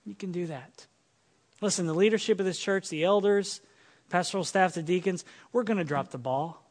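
A male pastor preaching an earnest sermon, swinging between loud emphatic lines and soft quiet ones. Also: high voice, moderate pace, in a large hall.

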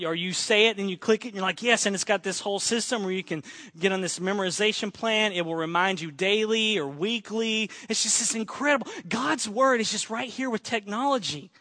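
A man's voice: high voice, dry recording. A man preaching a sermon to his church, telling a story in earnest and quoting a friend's words. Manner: earnest storytelling, quoting a friend, shifting between excited and hushed. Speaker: pastor.

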